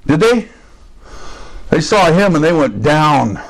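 A middle-aged male pastor preaching a sermon. His voice sits a little high for a man, and he speaks in a conversational teaching manner, often turning to the congregation with questions. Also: big pitch swings, slow, rough recording.

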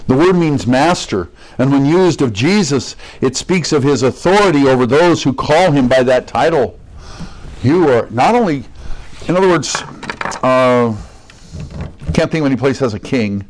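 A man preaching a sermon in a conversational way, putting questions to his listeners and slowing down to stress the verses he quotes. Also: medium pitch, animated. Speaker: pastor.

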